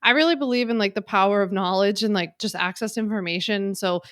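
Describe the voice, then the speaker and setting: A woman's voice: medium pitch, fast talker, fairly bright tone, no room sound. Woman, from Philadelphia, podcast host, frank, chatty, filler-heavy, dry recording. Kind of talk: casual solo podcast. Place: home office. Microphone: on video in office.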